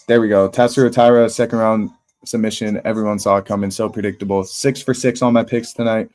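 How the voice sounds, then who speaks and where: A man's voice: lowish voice, little pitch movement, a little fast, a little mellow. A young man hosting a live fight watch party, talking casually and bluntly with slang and swearing. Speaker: livestream host.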